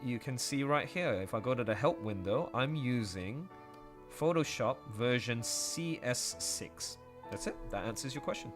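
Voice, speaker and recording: A man's voice: medium pitch, lively intonation, moderate pace, over music. A man talking casually on a livestream while drawing, rambling and chatty. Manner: rambling and chatty, full of fillers and asides. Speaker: artist streaming while drawing.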